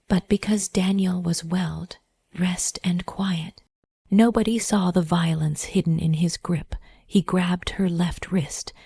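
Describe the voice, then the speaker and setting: A woman narrator tells a dramatic story in whispered role-play, her breathy whisper low, dark and gravelly. The sound is close and dry, with no echo or room around it.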